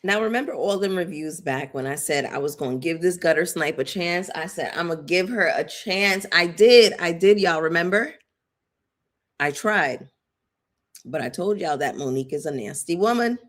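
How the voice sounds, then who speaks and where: A woman's voice: on the low side, animated, moderate pace. A woman giving casual live-stream commentary on a reality show, chatty and emphatic, addressing viewers directly.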